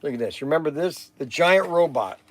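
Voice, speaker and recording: Exasperated older man with a high voice. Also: expressive, a little fast, noisy background. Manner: exasperated, forgetful, sighing. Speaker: livestream host. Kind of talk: rambling livestream chat.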